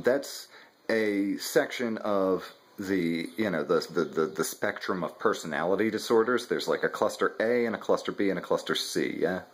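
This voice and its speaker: A man hosting a casual discussion, talking in a conversational, joking and explanatory way. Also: low voice. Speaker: host.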